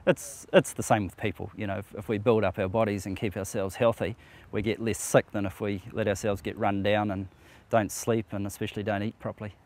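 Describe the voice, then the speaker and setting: A man working as a veterinarian, explaining animal health in a measured, professional way. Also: fairly low pitch, flat delivery, a little mellow. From New Zealand. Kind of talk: explanatory interview.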